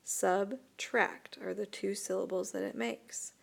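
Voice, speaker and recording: A woman teacher giving a recorded lesson to young students, talking slowly and carefully and repeating each word. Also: medium pitch, vocal fry. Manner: slow, deliberate, repeats words for young students. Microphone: tablet microphone.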